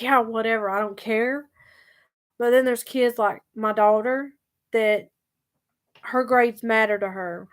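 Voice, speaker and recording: A woman telling a story to her viewers in a chatty, emphatic way that circles back over the same points. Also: fairly high pitch. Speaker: vlogger. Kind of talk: casual storytelling vlog.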